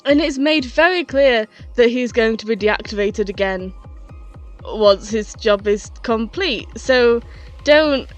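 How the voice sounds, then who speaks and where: A woman's voice: fairly high pitch, takes it slowly, soft background music. Breathless, chatty woman reviewer. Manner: chatty and enthusiastic, laughs often. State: slightly out of breath. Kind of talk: casual retrospective review.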